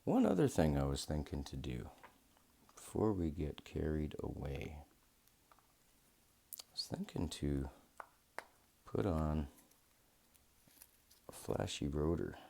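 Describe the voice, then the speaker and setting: A man's voice: a bass voice, sing-song, slow, gravelly, pauses often, warm tone. A man hosting a watch modding video, chatting casually and rambling to himself as he works. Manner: rambling, talks to himself, self-deprecating. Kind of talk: casual narration while working.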